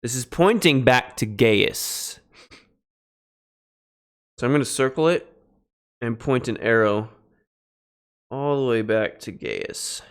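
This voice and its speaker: A man streaming a Greek translation lesson, thinking aloud in a halting way and pausing while he writes notes. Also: medium pitch, animated, clear, resonant tone. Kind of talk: relaxed live-stream teaching.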